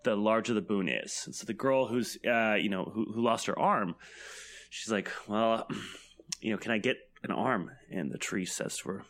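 A man's voice: lowish voice, normal speed, fairly bright tone. Laid-back man telling a game story. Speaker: podcast guest, game master. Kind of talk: casual podcast chat.

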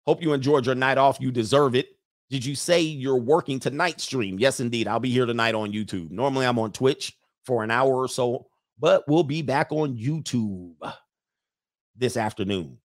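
A man hosts a casual livestream, reading viewer messages, joking, laughing often, and mimicking people. His mid-range voice moves at normal speed, with clean studio sound and no room sound.

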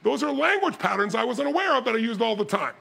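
A man giving a motivational seminar talk, telling stories with animated energy and bursts of shouting. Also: extremely high pitch, fast talker, gravelly, husky. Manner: animated storytelling, shouting and mimicking others. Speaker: motivational speaker.

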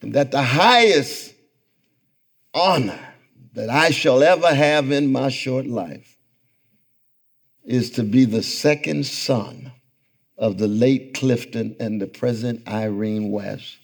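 A man's voice: medium pitch, takes it slowly, creaky. Man lecturing with a rousing preacher cadence. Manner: rhythmic preacher cadence, swells to near-shouting and calls out to the crowd. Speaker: guest lecturer. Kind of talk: sermon-like public lecture. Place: event hall before a live audience.

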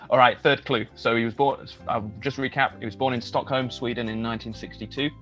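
Bright-voiced wry co-host. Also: male voice, mid-range voice, steady tone, moderate pace, lo-fi sound, soft background music. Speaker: co-host, quizmaster. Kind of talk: casual chat.

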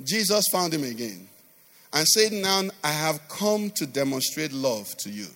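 A man's voice: a little high, big pitch swings, unhurried, pushed and bright. A male pastor preaching a sermon, with sing-song emphasis and constant call-and-response questions to the congregation. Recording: reverberant church hall.

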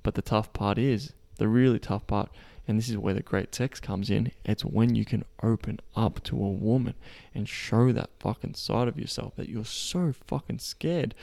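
Blunt, profane man with a gravelly voice. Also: mid-range voice, mellow, no room sound. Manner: blunt and profane, with frequent restarts, growing emphatic. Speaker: podcast host and men's dating coach. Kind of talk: casual unscripted monologue.

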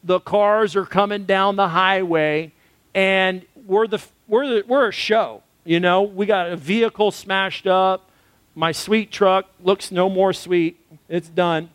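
A man's voice: sits high, fairly even intonation, takes it slowly, a bit bright, smooth, dry recording. A man, a pastor, preaching a sermon built around a personal story, earnest and conversational.

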